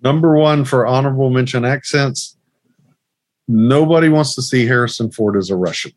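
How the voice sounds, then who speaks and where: A man co-hosting a casual film podcast, hesitant with many fillers, trailing off quietly. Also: mid-range voice, moderate pace, no room sound. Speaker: podcast co-host. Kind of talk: casual chat.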